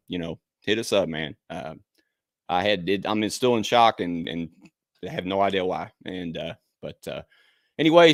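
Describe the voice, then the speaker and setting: A man hosting a podcast, talking in a halting way with many fillers and pauses. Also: lowish voice, dry recording, clean studio sound. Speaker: podcast host. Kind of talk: casual podcast chat.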